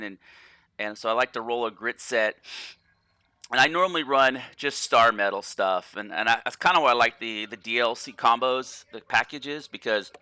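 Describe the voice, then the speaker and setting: Man, gameplay commentary, rambling, profane, restarts words, very bright tone, dry close sound. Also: mid-range voice, clear, resonant tone, no room sound. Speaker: gaming channel host.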